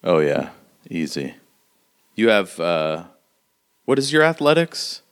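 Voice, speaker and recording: Smooth, low-voiced man running the game. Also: big pitch swings, slow pace, fairly bright tone. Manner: casual, vivid, with lots of fillers. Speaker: game master. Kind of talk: narrating a tabletop game.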